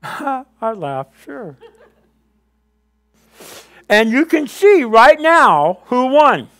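A pastor with a high, light voice delivers a sermon to his congregation, telling his story with lively animation and acting out his past conversations with God. He keeps turning to the room with quick questions.

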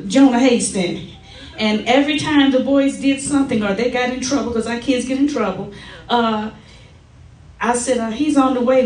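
A middle-aged woman with a somewhat high voice gives a personal testimony as a tribute during a church service. She tells her stories in a lively way, acting out the quotes, and is recorded from afar in the echoey sanctuary.

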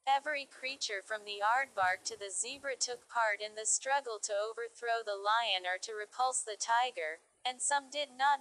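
For people learning English, a woman narrates stories in a careful, clear read-aloud style. Her voice is fairly high and a bit bright, and the audio quality is poor.

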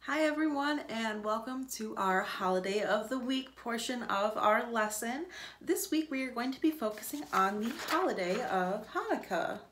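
A woman's voice: fairly high pitch, animated, moderate pace, a bit bright, slight background noise. A woman music teacher giving an upbeat virtual lesson to young children, chanting rhythms for them to repeat.

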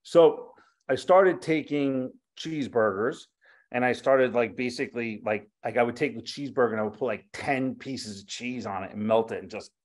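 In a casual interview, a middle-aged restaurateur and chef recounts stories with animation, voicing the quoted lines himself and cursing casually. His voice is mid-range and his pace moderate.

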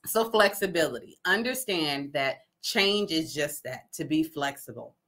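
A woman's voice: sits low, a little slow. A middle-aged woman from New Jersey hosts a casual motivational talk. She is folksy and emphatic, asks "okay?" often and laughs a lot. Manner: laughs often, lively asides; says her voice carries and commands attention. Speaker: host.

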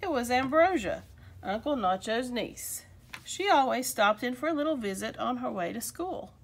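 Lively woman reading a storybook. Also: a little high. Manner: warm, expressive, slows for emphasis. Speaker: children's story reader. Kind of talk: storybook read-aloud for kids.

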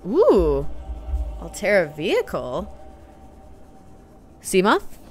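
A woman's voice: lowish voice, wildly swooping pitch, slow pace, soft background music. A woman hosting a gaming video, giving let's-play commentary and reacting aloud with gasps and small whispered asides.

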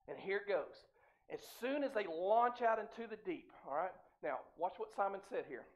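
A man's voice: high voice, expressive, normal speed. A male pastor preaching a sermon, acting out the dialogue of the story and putting questions to the congregation. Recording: muffled, slightly lo-fi church recording.

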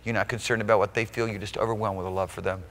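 A man preaching a sermon as pastor at a live church service. He swings between loud, emphatic exclamations and soft, intimate asides, often checking in with the congregation. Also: fairly low pitch, steady tone, very fast, big-room sound. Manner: rhetorical check-ins with the congregation.

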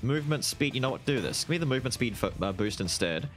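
A young man giving excited commentary over his own gameplay, exclaiming often and calling the listener "dude". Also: medium pitch, fast, faint music behind. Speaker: gaming video host.

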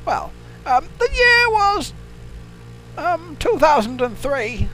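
A man voicing a cranky, crude elderly father with a gravelly, fussy, deadpan manner, improvising comedy over a video game. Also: very high-pitched, slow pace, faint music behind, heavily acted. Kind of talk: improvised comedy gaming commentary.

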